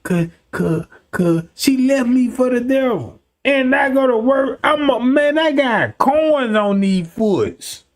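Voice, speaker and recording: A man livestreaming, telling a profane, rambling story to his chat, dropping to low mutters and then shouting. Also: lively intonation, slow pace, hardly any pauses. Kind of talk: casual storytelling to a live chat.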